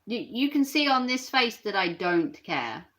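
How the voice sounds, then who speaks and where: A woman's voice: medium pitch, very animated, measured pace, fairly bright tone. A woman ranting on a live stream and reacting to her chat, sarcastic and mocking.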